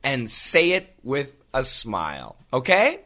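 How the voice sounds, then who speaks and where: An American man teaches English in a podcast lesson. He talks slowly and clearly, repeating each phrase with a bright tone. His pitch swings up and down a lot. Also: wildly swooping pitch.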